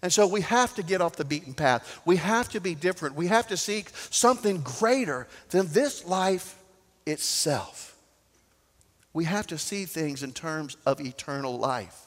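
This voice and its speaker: A man preaching a sermon as pastor, swinging from loud to soft. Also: fairly high pitch, expressive, a little slow, long reverb tail.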